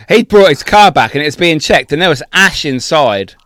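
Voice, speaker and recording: A man co-hosting a podcast, telling a travel story in a sweary, laughing, animated way. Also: on the high side, a little slow, no room sound, studio quality. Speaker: podcast co-host. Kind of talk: casual storytelling chat.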